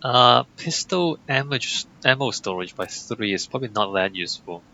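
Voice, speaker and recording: A man's voice: mid-range voice, lively intonation, moderate pace, pushed and bright, dull audio. Young male let's-player, laid-back and jokey, faint hiss behind. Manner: casual, joking, reads text aloud. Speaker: gaming channel host. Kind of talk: let's play commentary.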